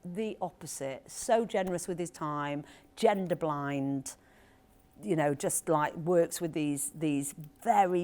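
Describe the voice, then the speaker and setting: A woman author in conversation at a live event, telling an anecdote in a lively, animated way with quick asides. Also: sits low. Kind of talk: storytelling talk at a live event. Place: event hall with audience.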